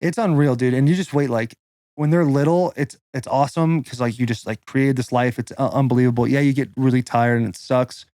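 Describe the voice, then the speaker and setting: A man's voice: medium pitch, fairly even intonation, a little fast, dark tone, dry recording, clean studio sound. A man in his thirties, a podcast host, telling a personal story in a loose, casual way, swearing and saying "like" constantly. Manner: loose and profane, full of "like" fillers.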